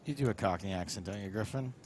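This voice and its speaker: A low-voiced man co-hosts a poker broadcast, cracking jokes and teasing his colleagues. He keeps things loose and playful, with a faint hum behind him. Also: fast, a little mellow. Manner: jokey and playful, riffs on teammates. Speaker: poker co-commentator. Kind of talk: casual broadcast banter.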